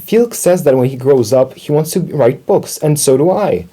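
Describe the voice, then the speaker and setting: A man voicing an excited little boy mouse in a children's storybook, eager and polite. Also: mid-range voice, moderate pace, breathy edge.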